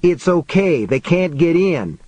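A man's voice: medium pitch, steady tone, measured pace, a little mellow, dry recording, close to an everyday voice. A nervous man forces cheerful reassurance in a slightly raised, strained voice, as a male narrator does him. He sounds close to laughing while not believing himself. The recording is dry and close. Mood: forced calm. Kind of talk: audiobook narration.

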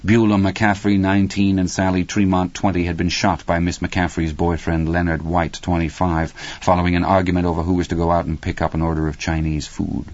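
A man narrating a story in a steady, measured audiobook reading. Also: deep voice, dry recording, muffled recording.

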